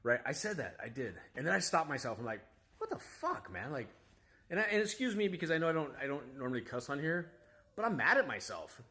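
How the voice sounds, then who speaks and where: A man's voice: a little high, sing-song, quick pace, bright, forceful tone. A man, a father, casually telling a story to camera in a rambling, self-critical way, full of restarts and asides. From United States. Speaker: vlogger, father.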